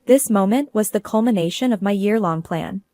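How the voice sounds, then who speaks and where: Woman telling a story first person, calm and businesslike, dry sound. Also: medium pitch, moderate pace, dry recording. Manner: cool and businesslike. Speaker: narrator.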